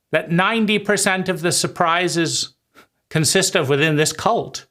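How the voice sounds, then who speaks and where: A man's voice: on the high side, unhurried, sharp tone. Man musing aloud with rhetorical questions. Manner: conversational, keeps asking "right?"; poses rhetorical questions and answers them. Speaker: speaker giving a talk. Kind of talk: reflective spoken lecture.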